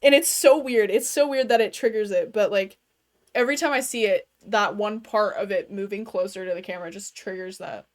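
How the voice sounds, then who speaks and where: Talking fairly quickly in a mid-range voice, this gaming streamer, a young adult woman, chats casually from her bedroom during a game. She swears freely, keeps things loose, and says "like" constantly.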